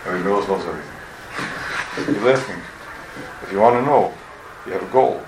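A man teaching a Talmud class, animated and full of rhetorical questions, recorded from a distance in an echoey room. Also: low voice, normal speed, background noise. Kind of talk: lively Talmud class lecture.

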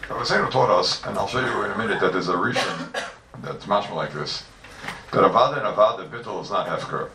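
A man teaching a Talmud class, animated and full of rhetorical questions, heard from a distance in an echoey room. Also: deep voice, fairly quick, a little hiss or hum. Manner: animated, rhetorical questions, Yeshivish mix of Hebrew and Yiddish terms. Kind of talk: Talmudic lecture. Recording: echoey room, distant mic, faint ambience.

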